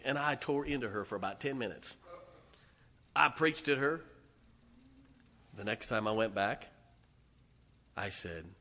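A man preaching a sermon, telling a story in an animated way with loud bursts and soft asides. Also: fairly low pitch, normal speed, pauses often, slight background noise.

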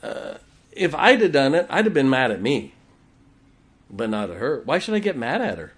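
A man's voice: medium pitch, moderate pace, breathy edge. A man preaching a sermon, telling stories and acting out the voices of the people in them. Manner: animated storytelling, acts out quoted voices. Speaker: pastor.

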